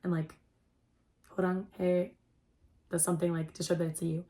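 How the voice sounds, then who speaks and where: A young adult woman hosting a casual storytelling chat, rambling and excitable, saying "like" constantly. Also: on the low side, moderate pace. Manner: rambling and excitable, heavy use of "like". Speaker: host.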